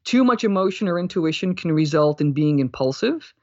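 A woman's voice: deep voice, animated, a little fast, no echo. A woman in her fifties, a wellness coach, speaking as an interview guest in an earnest, thoughtful way and laughing lightly at herself now and then. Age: 50s. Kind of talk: reflective interview storytelling. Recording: dull, lo-fi, dry sound.

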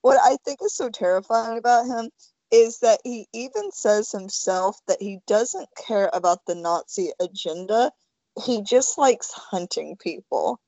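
A woman's voice: medium pitch, measured pace, dark tone, no echo, low-quality recording. Chatty woman podcaster, dry close sound. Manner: chatty, rambling, full of "like" and "you know". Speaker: podcast co-host. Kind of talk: casual film-discussion podcast chat.

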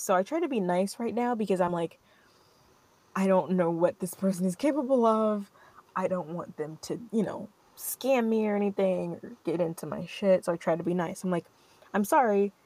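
A young adult woman hosting a podcast, telling a story in an animated, rambling way full of fillers. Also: lowish voice, no echo. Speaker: podcast host. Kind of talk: casual storytelling chat.

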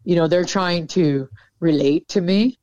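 A woman's voice: lowish voice, measured pace, darkish tone, no room sound. A woman military veteran talking candidly in an interview, casual and frank, swearing freely. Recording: dull, dry sound.

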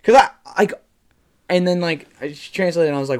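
Young man, slightly high voice, casual podcast chat, animated, slangy, lots of "like". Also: quick pace. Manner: animated storyteller, slangy, many "like"s and restarts.

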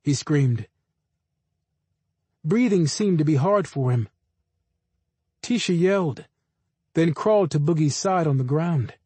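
A man narrates a story in the steady, careful manner of an audiobook reader. His voice sits a little high and he takes his time over every phrase. The recording is dry and close, with no room sound. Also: husky, dry recording. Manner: measured, unhurried storytelling. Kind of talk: scripted narration.

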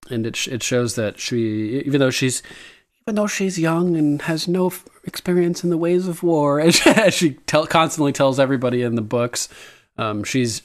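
Enthousiaste man die lacherig een aflevering bespreekt. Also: mid-range voice. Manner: enthusiastic, laughs often, acts out quoted lines. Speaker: podcast co-host. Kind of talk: casual chat recapping a TV episode.

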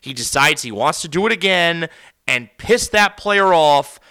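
A man's voice: a little high, animated, a little slow, bright, forceful tone, smooth. A man hosting a solo sports podcast from a studio, ranting heatedly and sarcastically. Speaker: podcast host. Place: recording studio.

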